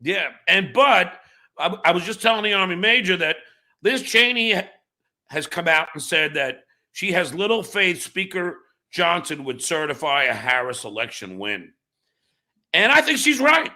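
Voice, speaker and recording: A man's voice: high-pitched, sing-song, moderate pace, sharp tone. A middle-aged man hosting a livestream, telling stories and talking politics with lots of swearing and stammering restarts. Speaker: livestream host. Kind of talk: political chat and storytelling.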